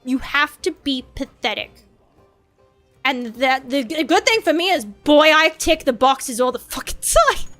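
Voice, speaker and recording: Woman VTuber streamer, high voice, rambling and swearing with self-mockery, faint music underneath. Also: animated, measured pace, fairly bright tone. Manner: rambling, profane, self-mocking. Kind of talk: casual stream chat.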